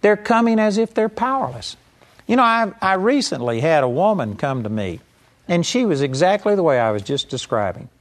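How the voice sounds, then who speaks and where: A man's voice: sits high, very animated, moderate pace. A man preaching a teaching sermon, earnest and direct, with a live audience present. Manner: earnest, mimics whiny pleading voices in quotes.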